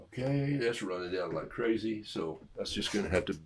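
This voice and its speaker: A man's voice: lowish voice, expressive, normal speed, a little hiss or hum. A middle-aged man painting live for viewers, talking casually through each stroke, amused by his own jokes, with a cough today. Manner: chatty, self-amused, talks through each brushstroke. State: has a cough. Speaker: artist painting on a livestream.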